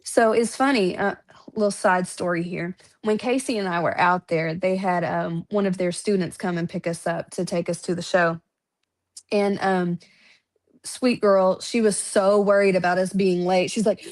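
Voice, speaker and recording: A chatty woman, somewhere in her thirties or forties, talking through a list of wrestling promotions. Her casual, rambling delivery is full of fillers and easy laughter, at an ordinary middle pitch. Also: moderate pace. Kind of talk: casual podcast chat.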